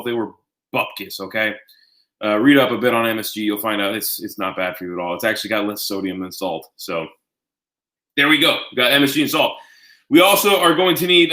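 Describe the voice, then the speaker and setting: Casting: male home-cook host, bright forward voice, chatty and folksy, echoey kitchen sound. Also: mid-range voice. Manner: chatty, folksy, talks to viewers directly. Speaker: home cooking show host. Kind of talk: casual live cooking demonstration.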